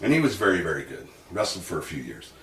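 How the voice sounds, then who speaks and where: A man's voice: sits low, fast. A man telling stories in a casual interview, acting out what others said, swearing and laughing often. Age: 40s or older. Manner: animated storyteller who acts out quotes, swears and laughs often. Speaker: guest, wrestling manager and comic hypnotist. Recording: roomy echo from a distant mic with faint noise.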